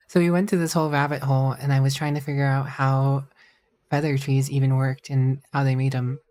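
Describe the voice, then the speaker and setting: A woman's voice: extremely low pitch, little pitch movement, brisk, warm tone. A woman streamer chatting casually and rambling, with a giggly manner. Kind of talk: casual live-stream chat.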